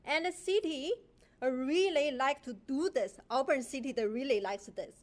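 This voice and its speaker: A woman with a Chinese accent speaks at a council podium, her voice set high. She is indignant and accusing, and her English is halting and broken. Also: darkish tone. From China. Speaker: public commenter. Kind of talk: public comment at a council meeting. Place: council chamber.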